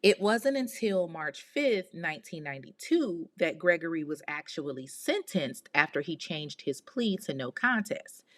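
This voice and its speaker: A woman hosting a podcast, telling a true-crime story in a casual, animated way, with outspoken, exasperated asides in slang. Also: deep voice, a little slow, few pauses. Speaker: podcast host.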